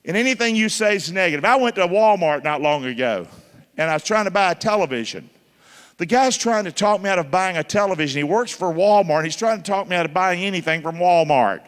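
A man's voice: high-pitched, expressive, brisk, a bit bright, clear, resonant tone, in a large hall. A man preaching a sermon as pastor, emphatic, spelling words out and throwing call-and-response questions to the congregation in a church.

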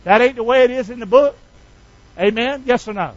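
A high-pitched man preaching to his church, calling out for the congregation to answer him back. He slides between folksy, slangy asides and solemn scripture. The sound is a little dull and lo-fi. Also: brisk, dry recording. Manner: call-and-response preaching, asks the church to repeat lines. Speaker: pastor. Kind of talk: sermon.

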